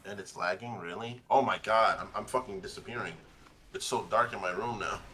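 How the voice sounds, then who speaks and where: A man's voice: fairly low pitch, fairly quick, pushed and bright, a little hiss or hum. A man streaming live, chatting casually with friends and his viewers, laid-back and swearing offhandedly. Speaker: livestreamer. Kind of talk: casual chat on a livestream. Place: his own room.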